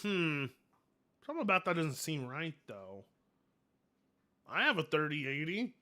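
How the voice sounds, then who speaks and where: A man streaming live, reacting to videos with loud, mocking commentary, yelling and laughing at what he watches. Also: a little high, sing-song, a little slow.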